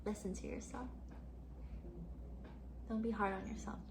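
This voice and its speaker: A woman's voice: medium pitch, fairly even intonation, measured pace, creaky, slight background noise. A young woman streamer in her twenties telling stories in a casual chat, giggling often and swearing casually.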